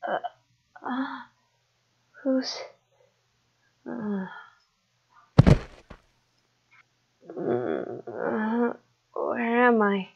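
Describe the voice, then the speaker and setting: Panicked young boy, woman voicing, high and stammering, lo-fi fan drama. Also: big pitch swings, very slow, gravelly, husky, full character voice. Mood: confused. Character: frightened young boy in danger.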